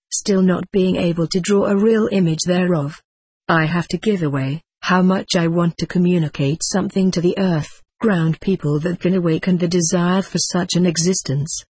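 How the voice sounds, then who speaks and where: An audiobook narrator reading a first-person spiritual tale in an even, solemn storytelling way. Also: mid-range voice, slightly rough, dry recording, rough recording.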